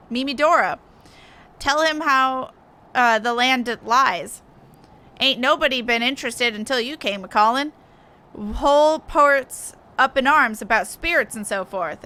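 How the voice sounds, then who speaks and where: A woman voicing a gruff, grumbling male dock foreman in a video game, with folksy, clipped speech. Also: sits high, pushed and bright. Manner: folksy, clipped, dropped words. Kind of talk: reading game dialogue aloud.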